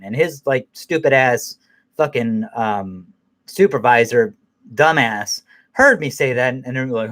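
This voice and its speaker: A man's voice: mid-range voice, unhurried, a bit bright. Profane ranting man. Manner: angry, profane, rambling, laughs at himself. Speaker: podcast host. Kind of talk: profane casual rant.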